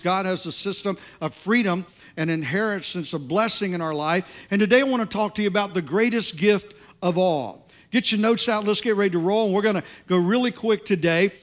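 A pastor with a noticeably high voice delivers his sermon. He tells a joke before moving into scripture. His delivery is loose and conversational, and he often restarts phrases. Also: fairly bright tone. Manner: conversational storytelling with jokes and restarts.

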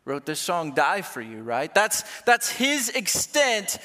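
Pastor preaching, man, unhurried delivery, reverberant church hall, chatty and self-mocking. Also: high voice, big pitch swings, pushed and bright. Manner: conversational, self-deprecating, with playful quoted asides. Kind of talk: sermon.

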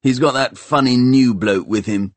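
A man's voice: mid-range voice, normal speed, no echo, voice pushed up, close to an everyday voice. A man playing a sullen fat apprentice boy.

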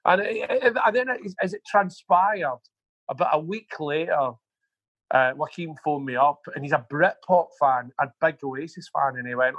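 A man's voice: on the high side, fairly quick, a bit bright, slightly rough, no echo, highs cut off. A man, a music manager guest, telling rambling, profane anecdotes in a casual interview.

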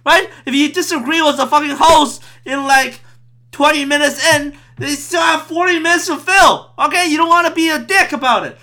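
A man's voice: very high voice, normal speed, sharp tone. A man hosting a podcast alone, ranting in a profane, rambling way with frequent restarts. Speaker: podcast host. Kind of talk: solo podcast rant.

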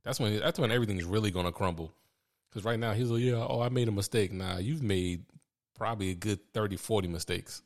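A lower-pitched man chats in a relaxed, agreeable way on a casual podcast. He goes along with his co-host and adds his own takes in easy banter. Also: brisk. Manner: laid-back, agreeable banter. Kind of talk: casual chat.

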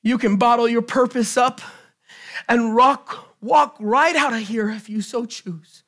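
A man preaching a sermon to a church, building from calm scripture reading to impassioned shouting. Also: extremely high pitch, measured pace.

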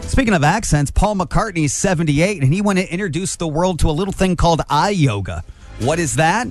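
A man's voice: a little high, expressive, fairly quick. Male radio host, playful banter delivery, faint music bed. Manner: playful, jokey, does silly quoted voices. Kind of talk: casual showbiz news chat.

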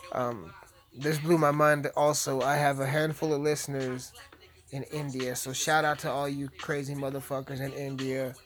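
A man's voice: mid-range voice, little pitch movement, moderate pace, fairly bright tone. A man hosting a podcast, chatting casually with constant swearing and crude jokes while playing a video game. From United States. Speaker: podcast host. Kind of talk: profane casual podcast chat while gaming.

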